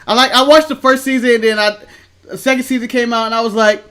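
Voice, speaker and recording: A man's voice: very high-pitched, fairly even intonation, fast, fairly bright tone, clean tone. A man co-hosting a casual chat show, laid-back and opinionated, rambling through his takes. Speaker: co-host.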